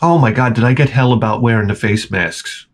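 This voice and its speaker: A man in his forties hosts his own channel in a medium-pitched voice, talking a little fast. His profane comedic rant has him grumbling, swearing plenty, and hopping from one complaint to the next.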